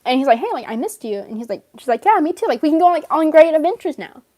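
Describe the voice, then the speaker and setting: A woman's voice: sits high, sing-song, very fast, dark tone. A woman rambling through an in-character story, filling her talk with "like" and laughing often. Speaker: fan role-player in character.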